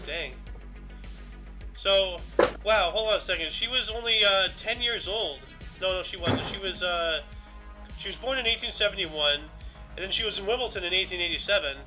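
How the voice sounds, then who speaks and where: A man's voice: sits high, moderate pace, over music, low-quality recording. A man co-hosting a casual show, reading out history entries in a chatty way and wondering aloud. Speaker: podcast co-host.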